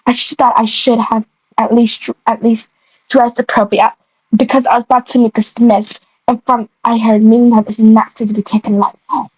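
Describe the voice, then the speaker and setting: A woman's voice: fairly high pitch, level tone, moderate pace, darkish tone, husky. A young woman reading her old story aloud and tripping over the words. She keeps stopping to mock her own writing. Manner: stumbling, self-mocking, breaks into giggles. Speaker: creator rereading her old stories. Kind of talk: reading aloud with comic asides. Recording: dull lo-fi, dry.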